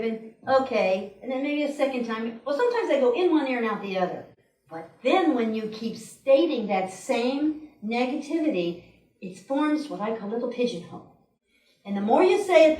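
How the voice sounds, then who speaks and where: Lively woman preaching in an echoey church. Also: a little high. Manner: animated, chatty, acts out quotes with a laugh. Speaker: speaker at a church service. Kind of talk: conversational sermon. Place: church sanctuary. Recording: roomy echo, mic at a distance.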